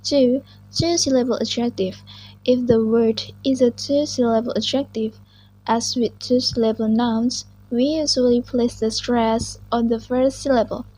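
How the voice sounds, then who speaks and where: Young woman, student presenter, careful unhurried reading, slightly high voice. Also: fairly even intonation, dark tone, low-quality recording. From Indonesia. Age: young adult. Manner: slow, careful reading with small restarts.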